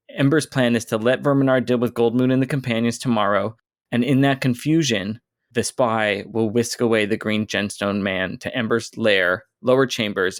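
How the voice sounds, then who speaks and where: A man's voice: fairly low pitch, no echo, clean studio sound. A man co-hosting a podcast, summarizing a fantasy novel in casual, amused chat. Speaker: podcast co-host. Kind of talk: casual book discussion.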